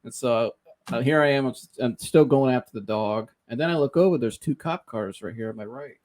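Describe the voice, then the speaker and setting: A man hosting a podcast, telling a funny story in a casual, animated way, laughing often and mimicking the people he quotes. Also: medium pitch, brisk. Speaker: podcast host.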